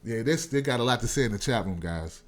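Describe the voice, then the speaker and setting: A man hosting a casual live stream, talking straight to his chat in a loud, animated, joking and preachy way. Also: mid-range voice, fast. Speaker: host.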